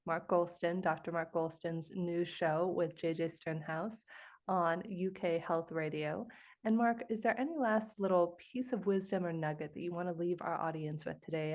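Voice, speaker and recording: A woman's voice: on the low side, darkish tone. A woman hosting a podcast interview, effusive and friendly toward her guest. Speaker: podcast host.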